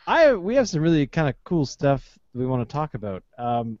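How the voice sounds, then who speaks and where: A Canadian man co-hosting a casual beer podcast, loud and joking. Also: fairly high pitch, very animated, normal speed, dry recording. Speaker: podcast co-host. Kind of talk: casual chat over beers. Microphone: video call. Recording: dry muffled online call.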